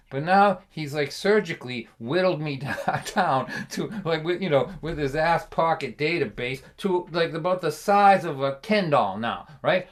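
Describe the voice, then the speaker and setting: Chatty man telling a funny story. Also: a little high. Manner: animated and chatty, laughing often, tagging lines with "right?". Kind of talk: comedic storytelling on a livestream.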